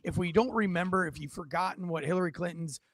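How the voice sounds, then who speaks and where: A man hosting a casual political commentary show, animated and joking, his voice raspy from yelling. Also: high-pitched, fast talker, dry recording, studio quality. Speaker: podcast host.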